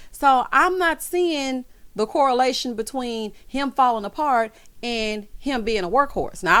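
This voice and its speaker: A woman's voice: medium pitch, a bit bright. A woman recapping a reality show episode in sassy, emphatic casual commentary, with lots of "honey" and "child" asides and frequent laughs. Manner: laughs often.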